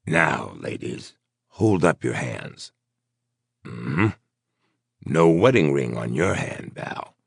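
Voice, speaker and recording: A cruel, mocking gunman drawls his taunts, as a male narrator voices him. The voice is very deep and gravelly with a husky edge. Lines come slow and sneering, rising and falling as he toys with his victims. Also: big pitch swings, dry recording, clean studio sound, exaggerated voice.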